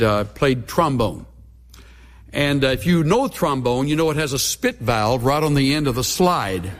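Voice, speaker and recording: A man's voice: medium pitch, long reverb tail, slight background noise. A middle-aged man, a pastor preaching a sermon with folksy, humorous storytelling.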